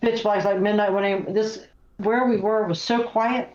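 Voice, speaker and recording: Animated American woman in an echoey room. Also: medium pitch, moderate pace. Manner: animated storyteller, acts out voices. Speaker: guest paranormal investigator. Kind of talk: casual chat. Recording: echoey, dull lo-fi sound.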